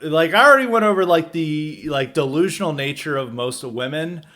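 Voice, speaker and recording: A man's voice: on the high side, expressive, normal speed, bright, forceful tone. Rambling, scornful male podcast host. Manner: rambling, heavy use of "like" fillers, scornful. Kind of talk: casual commentary monologue.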